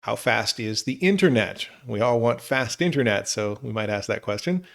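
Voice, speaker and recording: A man teaching English, reading example questions slowly and clearly for learners. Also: mid-range voice, expressive. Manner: slow, clear model phrases for learners. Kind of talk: scripted lesson narration.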